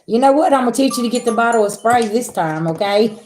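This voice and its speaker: A woman chatting casually with her viewers as a spiritual reader, animated and venting, swearing freely and calling them y'all. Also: fairly high pitch, quick pace, slight background noise. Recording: roomy echo.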